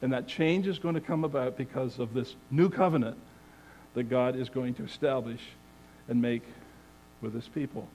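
A man delivers a sermon in an earnest, measured way, teaching at an even pace. His voice sits at an ordinary middle pitch. He leans into the scripture passages with emphasis. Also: a little hiss or hum, low-quality recording. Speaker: preacher.

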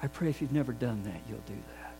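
An older male pastor giving a sermon, telling a folksy story with many restarts and swinging between loud emphasis and soft asides. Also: mid-range voice, fast talker, faint music behind, rough recording. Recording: mains hum behind the voice.

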